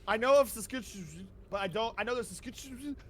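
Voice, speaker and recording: A man's voice: high voice, fairly quick, a little hiss or hum. A man guesting on a live stream, joking around and playing clueless in a playful way. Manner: playful, jokey, mock-clueless. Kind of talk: casual chat on a live stream.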